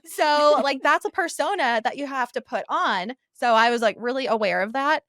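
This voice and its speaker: A woman's voice: high-pitched, expressive, normal speed, fairly bright tone, dry recording, clean studio sound. A woman co-hosting a podcast, chatting casually in an upbeat, playful way and laughing easily. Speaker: podcast co-host. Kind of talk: casual chat.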